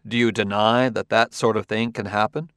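A man's voice: on the low side, steady tone, moderate pace, a bit bright, clean tone, dry recording, studio quality, natural voice. A man reading a pressing, methodical Earthman detective. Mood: insistent. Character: sharp, insistent Earthman detective, male adult. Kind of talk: audiobook character reading.

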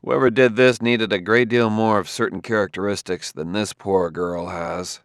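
A man's voice: lowish voice, fairly even intonation, moderate pace, dry recording, clean studio sound, natural voice. A male audiobook reader voicing a stern, tired middle-aged detective who reasons tersely. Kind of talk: audiobook character voice.

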